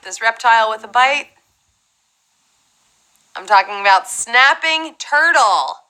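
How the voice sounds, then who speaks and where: A young woman hosting a live trivia game show, playful and chatty with quick asides. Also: on the high side, lively intonation, sharp tone, a little hiss or hum, poor audio.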